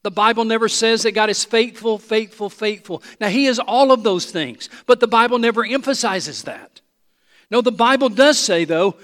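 Emphatic high-voiced male preacher. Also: normal speed, in a large hall. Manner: emphatic, swings from loud proclamation to soft intimate asides. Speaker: pastor. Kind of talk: sermon.

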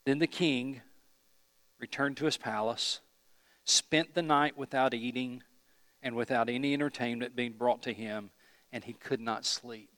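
A man's voice: medium pitch, steady tone, measured pace, fairly bright tone, no echo, big-room sound. A man pastor preaching a sermon, emphatic and putting questions to the congregation.

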